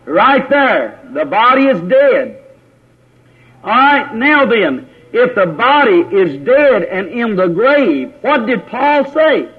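High-voiced preacher, tinny recording. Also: male voice, big pitch swings, slow, husky. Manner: repetitive, asks the congregation questions, calls on brothers by name. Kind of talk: sermon.

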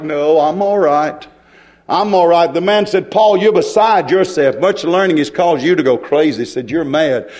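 A man preaching a fervent sermon, hollering and getting excited, mimicking hecklers and answering them. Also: on the high side, normal speed.

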